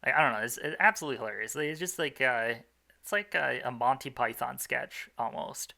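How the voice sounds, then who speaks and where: A young man talks through his own game run in loose, self-mocking commentary, restarting his sentences and filling gaps with "uh" and "like". His voice has a gravelly fry to it, with a bright, edgy tone on top. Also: mid-range voice, brisk. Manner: rambling, self-mocking, with many fillers and restarts. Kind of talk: casual gameplay commentary.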